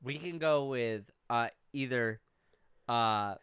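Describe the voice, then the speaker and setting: A man's voice: mid-range voice, slow pace, fairly bright tone, clear, resonant tone. A man co-hosting a podcast, telling a comic story and acting out both sides with big swings in his voice. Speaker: podcast co-host.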